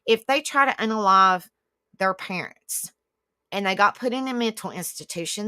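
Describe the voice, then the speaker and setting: A woman's voice: medium pitch, expressive, normal speed, bright, forceful tone, smooth, no echo, clean studio sound. A woman hosting a live stream, ranting indignantly and swearing as she talks straight to her viewers. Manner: indignant, rambling, swears freely; talks back to online comments. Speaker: livestream host.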